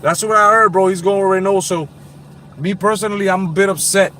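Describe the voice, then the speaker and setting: A man's voice: high-pitched, steady tone, brisk, bright, forceful tone, slight background noise. A man in his thirties of Puerto Rican heritage hosting a casual live stream, talking bluntly and profanely in streetwise slang. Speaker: boxing live-stream host.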